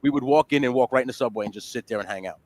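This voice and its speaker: Man, podcast host, quick rambling profane storytelling, dry close sound. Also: medium pitch, no echo. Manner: rambling, profane, repeats words while telling stories. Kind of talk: casual storytelling chat.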